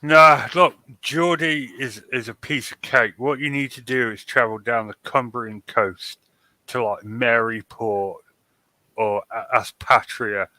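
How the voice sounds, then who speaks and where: A man's voice: mid-range voice, steady tone, a little slow, pushed and bright, dry recording, rough recording. A man hosting a podcast in casual chat, telling blunt, wry stories. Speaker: podcast host.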